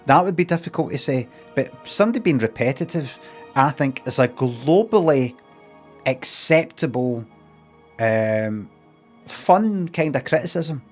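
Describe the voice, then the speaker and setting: Glaswegian man rambling deadpan on stream. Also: medium pitch, unhurried, soft background music. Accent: Scottish, Glaswegian. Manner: rambling, deadpan, acts out mock dialogue in a raised voice. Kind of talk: casual livestream chat with chat readers.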